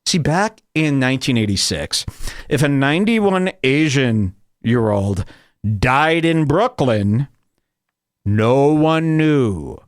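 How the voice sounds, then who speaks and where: A man's voice: mid-range voice, animated, slow, no room sound, studio quality. A man hosting a comedy podcast, ranting in a crude, emphatic way. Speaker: podcast host. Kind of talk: comedic rant.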